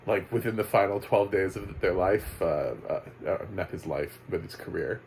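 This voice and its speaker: A man's voice: low-pitched, normal speed, darkish tone, slight background noise, low-quality recording. A man giving a casual, rambling video review of a documentary, full of fillers, restarts and chuckles. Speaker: movie reviewer.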